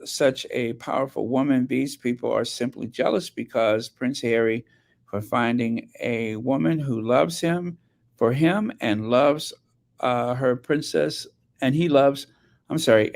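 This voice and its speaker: Slow, hesitant male commentator. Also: mid-range voice, creaky. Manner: hesitant, many fillers and restarts. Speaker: channel host. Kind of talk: casual commentary.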